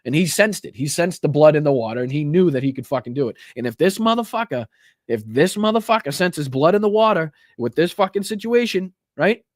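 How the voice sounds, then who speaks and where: A man's voice: a little high, expressive, brisk, dry recording, studio quality. A man ranting on a political live stream, swearing heavily, stressing words and tagging lines with "right?". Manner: heavy swearing, emphatic, repeats 'right?'.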